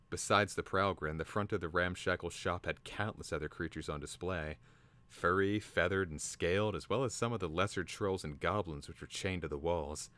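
A man's voice: deep voice, normal speed, pushed and bright, dry recording. A man giving a theatrical, dramatic reading of a fantasy story. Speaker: reader.

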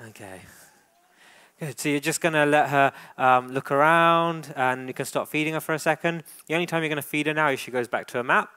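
A man's voice: fairly high pitch, brisk, bright, forceful tone. A man who works as a dog trainer, leading a live training demonstration and coaching handlers with frequent praise.

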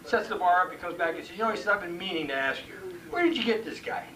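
A man's voice: high voice, expressive, fast. A man casually telling jokes at a party, drawling and acting out the characters. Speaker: joke teller. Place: bar or party room. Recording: far-off camcorder mic with crowd chatter.

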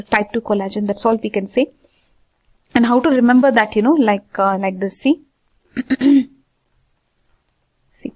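A woman teaching anatomy in an informal lecture, repeating terms slowly and asking her students questions. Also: fairly high pitch, a little mellow.

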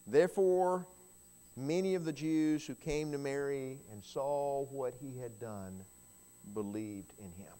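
A man preaching in a church, voice of middle pitch. He tells the story with a lot of build, dropping low and quiet, then climbing to loud, ringing cries. He repeats a word or two as he gets going. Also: unhurried. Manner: storytelling sermon with wide swings in loudness, rising to cries; repeats words when starting a phrase. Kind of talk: sermon.

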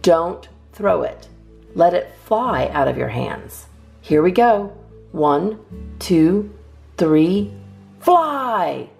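A kind older boy cub from a children's storybook explains things patiently in a raised, earnest voice, as a woman acts him out. Her delivery swings lively up and down with a gravelly texture, while faint guitar plays in the background. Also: on the low side, extremely slow, pauses often, full character voice.

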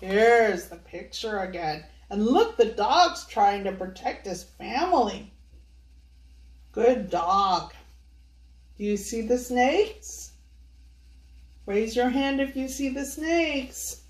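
A woman's voice: a little high, expressive, slow, long pauses. An older woman reads a picture book to children, asking them sing-song questions and coaxing them along. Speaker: children's storyteller. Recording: echoey room, voice from a distance.

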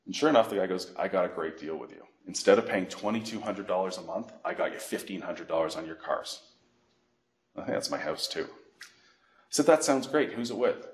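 A middle-aged man from Canada, a financial educator giving a workshop, telling animated stories and acting out phone calls. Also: low-pitched, fairly quick. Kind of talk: workshop presentation with anecdotes. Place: library meeting room. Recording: echoey room.

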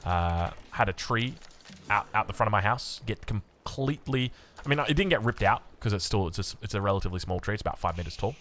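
A man's voice: on the low side, expressive, fast, a bit bright, slight background noise. A young man with an Australian accent, casting a strategy game with jokey, rambling asides. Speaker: game caster. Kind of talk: game commentary with chatty asides.

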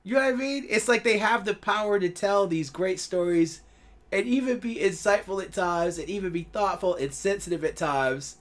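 A man hosting a reaction video, giving casual, animated commentary and laughing often. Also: high voice, normal speed.

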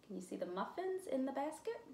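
A woman librarian reading a picture book aloud at storytime, with slow, expressive, encouraging delivery. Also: sits high, creaky, roomy sound, a little hiss or hum. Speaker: children's librarian.

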